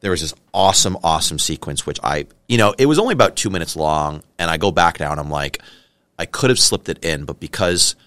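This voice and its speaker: A man from Canada, a film director, chatting in an interview and acting out scenes in quick little voices. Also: low-pitched, expressive, fairly bright tone, dry recording. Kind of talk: casual interview storytelling.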